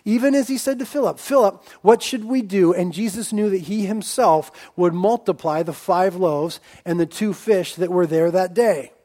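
A man's voice: sits high, moderate pace, few pauses, mellow. A man preaching a sermon, talking conversationally and acting out the quoted disciples.

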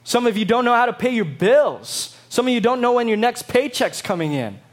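A man preaching a sermon, emphatic and dramatic, acting out quotes in lively voices. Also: very high-pitched, brisk. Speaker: pastor.

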